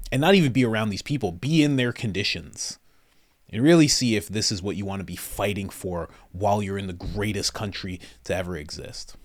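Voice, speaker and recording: A man's voice: medium pitch, no room sound, clean studio sound. A man hosting his own commentary show, ranting emphatically and repeating phrases for stress. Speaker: commentary channel host. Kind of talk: casual opinion commentary.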